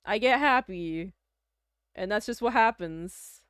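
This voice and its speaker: A young Canadian woman streams from home, her voice smooth and resonant in a very dry close-miked sound. She rambles in easy casual chat, full of fillers and giggles. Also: mid-range voice, lively intonation, slow, a bit bright, no room sound. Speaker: livestreamer.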